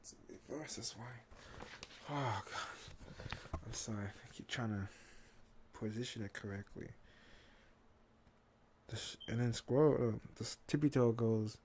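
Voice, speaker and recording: An ASMR storyteller reading a comic aloud softly, often slipping into whispers and making chatty asides. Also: medium pitch, unhurried, pauses often, slight background noise.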